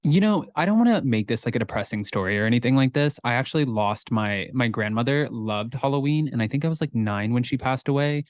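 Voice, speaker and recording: A man co-hosting a podcast in a casual chat, relaxed and candid, rambling a little as he talks. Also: medium pitch, fast, hardly any pauses, dry recording, studio quality. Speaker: podcast co-host.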